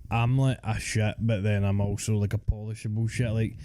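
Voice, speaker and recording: Young scottish dude on a podcast, kinda dark voice, swears a lot, rambles. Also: male voice, lowish voice, flat delivery, normal speed, a little hiss or hum. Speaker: podcast co-host. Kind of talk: casual chat.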